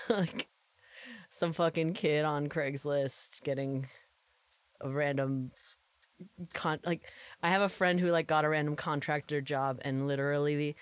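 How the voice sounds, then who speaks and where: A woman's voice: deep voice, fairly even intonation, slow, long pauses, no room sound. Woman podcast co-host, casual and profane, frequent laughter, dry close mic. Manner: laughing often, heavy filler words, swears. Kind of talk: casual chat.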